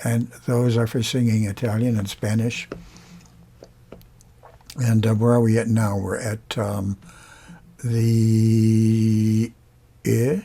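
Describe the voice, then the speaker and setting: Slow, gravelly male singing teacher. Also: lowish voice, level tone, warm tone. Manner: unhurried, pausing often, demonstrating sounds. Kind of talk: slow explanatory lesson on vowels.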